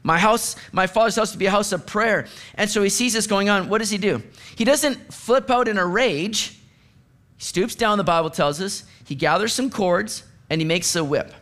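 Male pastor, higher-pitched voice, chatty sermon delivery with playful acted asides. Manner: conversational, animated preaching with acted asides.

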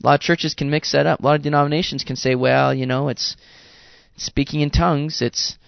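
Gravelly-voiced male pastor preaching. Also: a little high, brisk, no echo, dull audio. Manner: conversational, animated preaching with playful asides. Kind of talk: sermon.

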